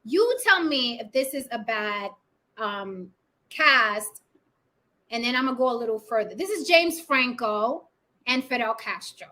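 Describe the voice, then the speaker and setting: A woman hosts her own opinion channel in a high, bright, ringing voice. She speaks bluntly and swears without hesitation. She keeps pulling her audience in with "right?" and "okay?". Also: animated, measured pace. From Puerto Rico. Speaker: vlog host and actress. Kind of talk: casual opinion monologue to camera.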